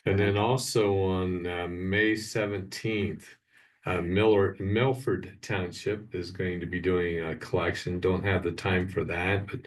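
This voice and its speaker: Midwestern American man, very low voice, halting commissioner, heard off-mic. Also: level tone, recorded from a distance, a little hiss or hum. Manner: halting, many uhs and ums. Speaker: county commissioner. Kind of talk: public meeting announcements. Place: county government meeting room.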